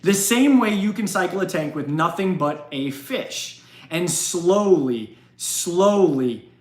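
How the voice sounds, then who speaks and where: A man's voice: high voice, expressive, slow pace, a little mellow. A man hosting a casual live question-and-answer stream, chatty and rambling, often laughing. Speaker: livestream host. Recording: roomy echo.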